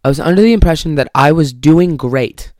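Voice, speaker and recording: A man's voice: a little high, a little fast, a little mellow, dry recording. A young man from Canada hosting a solo podcast from his bedroom, telling rambling, profane, self-mocking stories. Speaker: podcast host. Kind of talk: casual solo podcast monologue.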